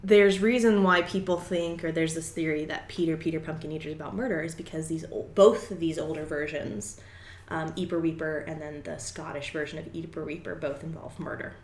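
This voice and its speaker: Low-voiced woman, rambling explainer. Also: steady tone, a little fast, a little mellow, reverberant, a little hiss or hum. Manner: rambling explainer with many fillers. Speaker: podcast co-host. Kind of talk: casual chat.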